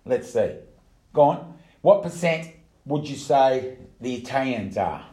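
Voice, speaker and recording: A man's voice: medium pitch, unhurried. A man with an Australian accent, co-hosting a casual chat show and teasing his partner. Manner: animated, teasing, mock-indignant. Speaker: co-host. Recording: roomy echo.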